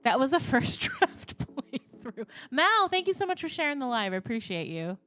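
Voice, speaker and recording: A woman's voice: sits high, very animated, moderate pace, pushed and bright, faint music behind. A young woman streamer chatting casually with her live viewers, rambling and laughing often.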